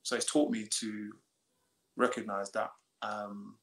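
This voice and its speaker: A man's voice: on the low side, flat delivery, takes it slowly. A man chatting playfully as a podcast guest about marriage. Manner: playful, joking. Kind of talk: casual conversation. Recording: roomy echo.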